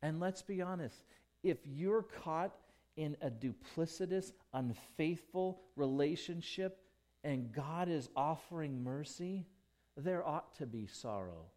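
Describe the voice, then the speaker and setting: Guy preaching a sermon, kinda high voice, slow and emphatic, gets loud then quiet. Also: animated. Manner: slow, emphatic preaching with dramatic swings in volume and pitch. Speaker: pastor.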